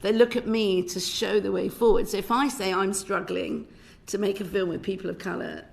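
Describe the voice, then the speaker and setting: A woman's voice: medium pitch, fairly even intonation, normal speed, vocal fry. A middle-aged British woman film director with a British accent, giving passionate, emphatic evidence to a committee, often restarting her sentences. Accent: British English. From Britain. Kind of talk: parliamentary committee testimony. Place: committee room.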